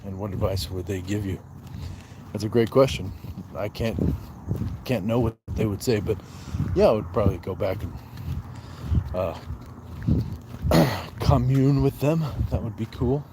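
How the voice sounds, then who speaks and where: On a walk outside, a livestream host from the Southwest United States speaks on the low side at a measured pace, with long pauses and background noise. He reads viewers' comments out loud and banters playfully in reply.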